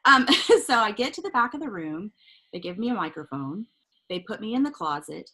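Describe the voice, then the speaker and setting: A middle-aged woman with a slightly husky, breathy voice tells a personal story as a guest on a talk show. She is animated and playful, acting out quotes and laughing as she goes, with pitch in a middle range. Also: moderate pace, low-quality recording. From Southern California. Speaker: guest, life coach. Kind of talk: casual storytelling.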